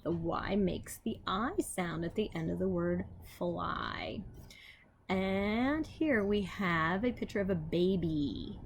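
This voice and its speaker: A woman teacher slowly sounding out letters and reading aloud to young children outdoors. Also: on the low side, gravelly, slight background noise. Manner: slow, patient, sounding out letters. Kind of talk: phonics lesson and read-aloud for young children.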